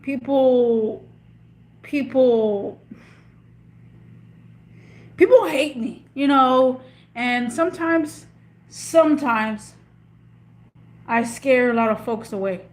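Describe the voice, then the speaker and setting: A woman's voice: sits high, very slow, pauses often. A woman chatting casually with viewers on a livestream, emotional and slangy, rambling with lots of restarts. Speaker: livestream host.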